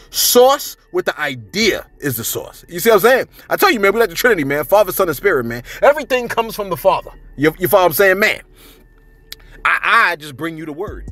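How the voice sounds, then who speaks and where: A man hosts a celebrity gossip show in a loose, rambling style, and his voice sits a little high. His pitch swings widely as he talks. Faint music plays underneath. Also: a bit bright. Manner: rambling, reads viewer comments, frequent "you know what I'm saying". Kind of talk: casual chatty commentary.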